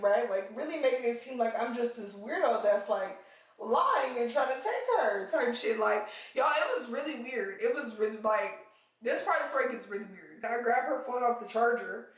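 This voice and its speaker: Woman, storytime vlog, animated, chatty, slightly high voice, very echoey room, a bit off-mic. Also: moderate pace, far from the mic. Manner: animated, talks straight to viewers as y'all, swears. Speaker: mom vlogger telling a story. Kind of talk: casual storytime.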